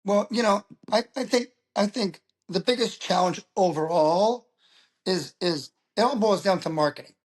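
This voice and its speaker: A middle-aged man, a public speaker, talking as an interview guest and telling stories in a lively way. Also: sits high, moderate pace. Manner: animated storyteller who acts out quoted voices. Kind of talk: casual interview talk.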